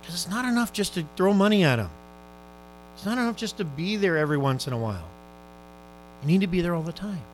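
A male preacher delivering a sermon, exhorting his listeners fervently and swinging between loud urgent appeals and hushed, quiet questions. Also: high-pitched, lively intonation, quick pace, pauses often, faint music behind, poor audio.

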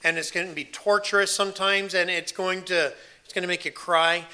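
Bright-voiced man preaching a sermon. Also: high voice, fairly even intonation, a little fast, few pauses, clear, resonant tone. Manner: earnest, emphatic preaching with repeated phrases. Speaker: pastor.

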